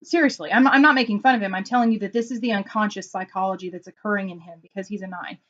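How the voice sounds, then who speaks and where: A woman's voice: medium pitch, rapid-fire. Lady consultant vlogging, chatty storytelling, acts out quotes, kinda dull lo-fi sound. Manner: animated storytelling with acted-out quotes. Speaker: Enneagram consultant. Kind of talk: casual explanatory vlog talk.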